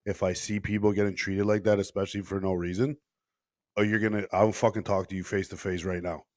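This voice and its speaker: A man's voice: deep voice, flat delivery, a little fast, darkish tone, no echo, clean studio sound. A man hosting a podcast, telling a story bluntly with plenty of swearing in casual conversation. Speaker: podcast host.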